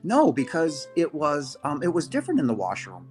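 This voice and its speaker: A man, a podcast guest, earnestly recounting a personal encounter, halting with restarts and quoting himself as he goes. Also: on the high side, wildly swooping pitch, soft background music. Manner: earnest, halting, many restarts and quoted asides. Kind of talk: first-person storytelling.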